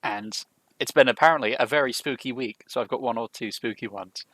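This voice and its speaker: A man's voice: medium pitch, a little fast, fairly bright tone, no echo. A man co-hosting a podcast, telling chatty anecdotes and leading the news segment. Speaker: podcast co-host. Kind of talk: casual chat.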